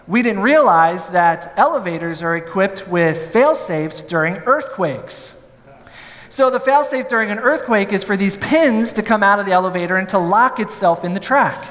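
A male pastor telling a story in a sermon, in an animated, playful way. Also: sits high, big-room sound.

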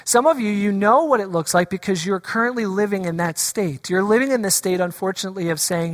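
A pastor delivers a sermon in a church sanctuary, putting question after question to the congregation. The voice sits in a middle pitch range. A long reverb from the hall trails each phrase. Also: a little fast, few pauses. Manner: asks the congregation rhetorical questions; acts out quoted voices of scripture.

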